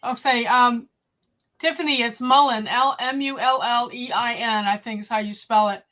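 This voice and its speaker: A woman's voice: fairly high pitch, steady tone, normal speed, fairly bright tone. A woman hosting a casual livestream, chatting directly with her viewers. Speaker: homestead livestream host. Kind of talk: casual live-stream chat.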